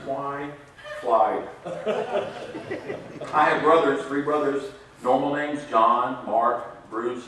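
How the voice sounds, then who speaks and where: A man's voice: mid-range voice, a bit bright, a little hiss or hum. A man preaching a sermon in a folksy storytelling way, laughing at his own jokes. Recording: echoey hall, mic far off.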